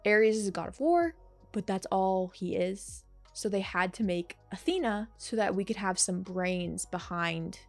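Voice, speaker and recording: A woman casually reviewing a TV episode in a chatty, sarcastic way, with animated asides. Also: medium pitch. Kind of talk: casual video commentary.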